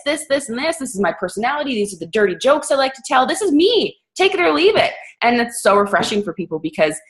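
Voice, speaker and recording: A young Canadian woman with a deep yet fairly bright voice runs a team coaching call. She talks quickly and casually, with plenty of fillers and a sarcastic edge.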